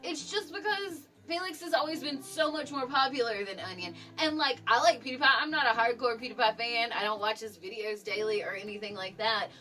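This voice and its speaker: A woman's voice: on the high side, brisk, hardly any pauses, pushed and bright, recorded from a distance. Exasperated woman ranting, a bit off-mic. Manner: exasperated, filler-heavy with frequent "like" and swearing. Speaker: commentary YouTuber. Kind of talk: casual commentary rant.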